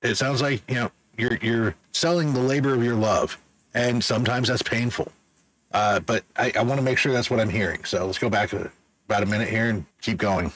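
A man's voice: on the low side, brisk, fairly bright tone, low-quality recording. A man hosting a music reaction, talking it through in a thoughtful, casual way. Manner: thoughtful, explains as he goes.

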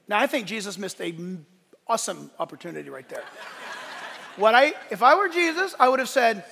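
A man preaching a lively sermon in a church with a very high, bright and forceful voice. He jokes and acts out the quotes he reads. His words ring with a long hall reverb. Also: fairly quick, gravelly, a faint crowd, slight background noise. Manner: animated, joking, acts out quotes. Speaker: pastor. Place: church sanctuary.

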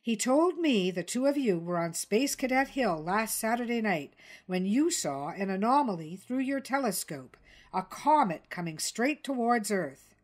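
Calm jungle reporter creature, pointed, persistent, storybook voice, read by a woman. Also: medium pitch, a little slow, pitched above the performer's own voice.

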